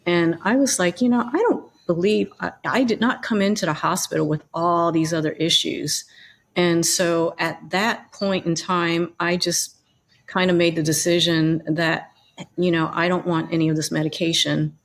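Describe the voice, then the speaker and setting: Low-voiced woman recounting her story. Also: steady tone, moderate pace. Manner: conversational, many fillers and restarts. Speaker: podcast guest. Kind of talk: personal storytelling in interview.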